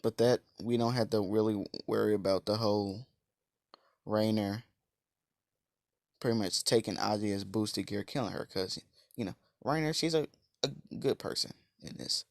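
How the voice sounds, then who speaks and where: A man's voice: fairly low pitch, normal speed, gravelly, no room sound, studio quality. A man casually retelling a fan story, rambling, slangy and blunt, with many restarts and fillers.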